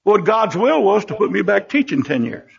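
An older man preaching a sermon in a church. He tells personal stories and bursts into animated exclamations. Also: high voice, moderate pace, creaky, husky. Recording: dull lo-fi recording.

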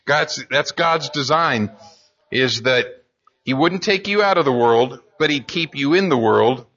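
A man's voice: mid-range voice, expressive, measured pace, fairly bright tone, lo-fi sound. A man preaching a sermon in an earnest way, building emphasis and often restarting his words as he speaks. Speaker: pastor.

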